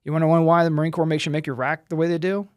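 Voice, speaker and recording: A man's voice: fairly high pitch, level tone, rapid-fire, a little mellow, smooth, no echo, studio quality. Blunt, intense middle-aged American man. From United States. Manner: intense, blunt and profane, acting out dialogue as he tells stories. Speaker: podcast guest, former Marine and firearms trainer. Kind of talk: casual interview talk.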